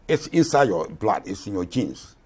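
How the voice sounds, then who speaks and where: Impassioned husky man in his eighties. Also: fairly low pitch, big pitch swings, normal speed, a little mellow. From Ghana. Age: 80s. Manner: impassioned, repetitive, emphatic. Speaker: retired general, guest. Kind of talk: interview.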